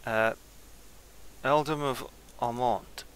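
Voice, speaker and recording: A man's voice: medium pitch, steady tone, takes it slowly, fairly bright tone, clear, resonant tone. A man giving casual let's-play commentary on a strategy game, thinking aloud and trailing off mid-sentence. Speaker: gameplay commentator.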